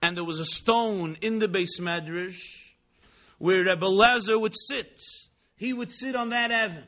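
A man telling a story in a sermon, dramatic, swinging between hushed tones and exclamations, mixing in Hebrew and Yiddish terms. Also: very high voice. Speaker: rabbi teaching Chassidus. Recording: dull lo-fi recording.

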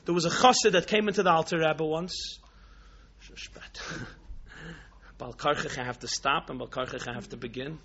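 Impassioned bright-voiced man preaching. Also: on the high side, fairly even intonation, a little slow, breathy edge, muffled recording. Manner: impassioned, many rhetorical questions. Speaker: Jewish religious teacher. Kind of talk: sermon with a told story.

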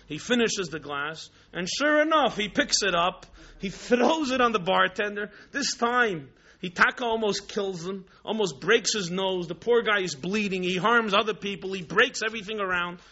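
A man teaches a religious class and tells stories with emphatic, rhetorical repetition. His voice is high and bright, and his delivery is animated. The recording sounds muffled and lo-fi. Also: moderate pace, few pauses. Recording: dull lo-fi recording.

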